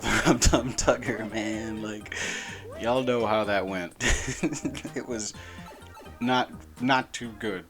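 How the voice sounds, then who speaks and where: A man chatting casually over gameplay, rambling, laughing and repeating words, with game music behind. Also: mid-range voice. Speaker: gaming channel host.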